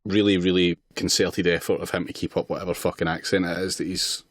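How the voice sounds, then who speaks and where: Dry-humoured, low-voiced man. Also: little pitch movement, fast talker, dry recording. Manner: dry, laconic remarks with frequent laughs. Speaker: podcast co-host. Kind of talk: casual chat.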